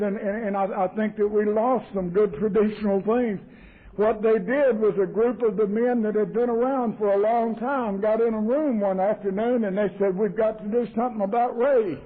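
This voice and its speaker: Southern man, AA speaker, folksy storyteller, high voice, tinny cassette tape. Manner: folksy, emotional, acts out dialogue in his story. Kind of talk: recovery talk with storytelling. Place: meeting hall.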